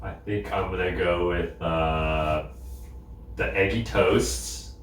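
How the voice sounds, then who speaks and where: Low voiced guy, quiet and chill about food picks, echoey room, far mic. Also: fairly even intonation, slow pace, slight background noise. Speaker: co-host. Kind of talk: casual food review chat. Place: restaurant.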